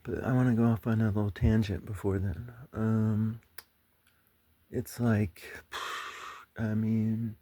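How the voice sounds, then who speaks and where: A man's voice: fairly low pitch, flat delivery, takes it slowly, pauses often, mellow, dry recording. A man hosting his own show, talking in a rambling, wandering monologue full of sighs, swearing and fillers.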